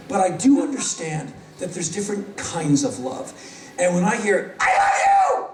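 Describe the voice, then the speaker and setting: A man performing live stand-up storytelling, animated and sardonic, acting out other people's voices. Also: sits high, a little hiss or hum. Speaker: spoken-word performer. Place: large hall on stage. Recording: roomy live hall, distant mic. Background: audience laughter.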